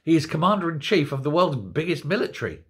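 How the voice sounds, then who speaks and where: An older man hosting an opinion commentary show, ranting in an animated, incredulous way. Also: fairly high pitch, fast, slightly rough. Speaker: host.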